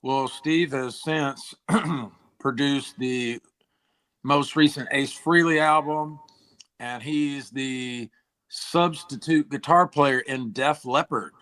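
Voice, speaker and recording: Forties musician guest, hoarse and throat-clearing, bright edgy tone, rambling chat style. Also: male voice, medium pitch, slow. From Tennessee, US. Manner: rambling, says "like" and "dude" a lot. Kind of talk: casual interview chat.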